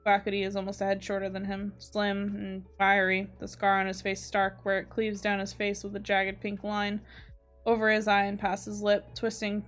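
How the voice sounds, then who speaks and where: A woman streamer reading fan fiction aloud, steady with small slips. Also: medium pitch.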